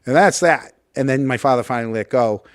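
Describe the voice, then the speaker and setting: A man's voice: mid-range voice, a little fast, dry recording, clean studio sound. Laughing, rambling male podcast host. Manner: rambling storyteller, laughs often. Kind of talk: casual chat.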